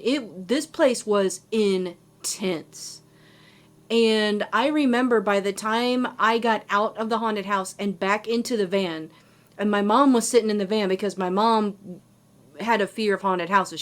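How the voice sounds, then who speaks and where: A woman co-hosting a podcast, telling a personal story in a casual, animated way with lots of fillers. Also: medium pitch, unhurried. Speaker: podcast co-host.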